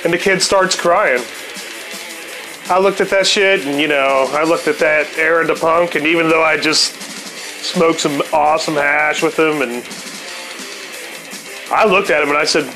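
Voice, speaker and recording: Man in his fifties, podcast host, rambling swear-filled story, slightly high pitch, bright tense tone. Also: fairly even intonation, normal speed, long pauses, soft background music, low-quality recording. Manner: laid-back, swears constantly, laughs at his own stories. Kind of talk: profane storytelling monologue.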